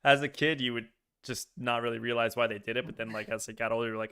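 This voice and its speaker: A young man co-hosting a podcast in relaxed casual chat, full of "like" and laughing as he talks. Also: medium pitch, fast talker, smooth. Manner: relaxed, filler-heavy, laughs while talking. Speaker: podcast co-host.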